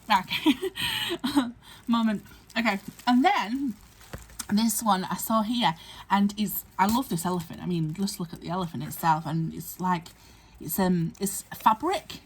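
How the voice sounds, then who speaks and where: A woman's voice: fairly low pitch, rough recording. Gushing woman unboxing crafts. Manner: gushing, excitable, chatty. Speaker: crafting vlogger. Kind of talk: casual unboxing chat. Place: home craft room.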